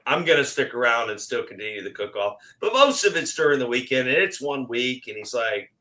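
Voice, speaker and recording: Middle-aged man, bright tone, animated storyteller who acts out the dialogue himself. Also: mid-range voice, a little fast, rough recording. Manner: animated, acts out quoted exchanges. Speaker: guest. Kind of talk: casual storytelling chat.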